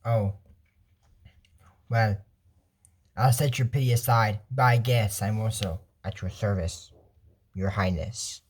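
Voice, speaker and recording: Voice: medium pitch, steady tone, slow, pauses often, husky. A speaker casually recapping a cartoon episode in a rambling, chatty way, often trailing off and laughing.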